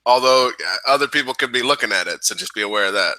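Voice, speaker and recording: A man's voice: medium pitch, expressive, fast, bright, forceful tone, no room sound, low-quality recording. A stuffy-nosed man co-hosting a podcast over a video call, joking and mocking himself in casual chat. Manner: jokey, laughs often, self-mocking. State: congested. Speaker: podcast co-host.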